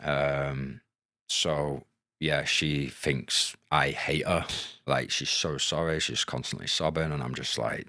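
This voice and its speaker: A man in his thirties speaks in an extremely deep, low voice. He tells his story in a frank, casual way and swears freely. The recording is close and dry, with no room sound. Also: steady tone, slow pace, pushed and bright, no echo. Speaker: podcast guest, former footballer. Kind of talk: candid storytelling.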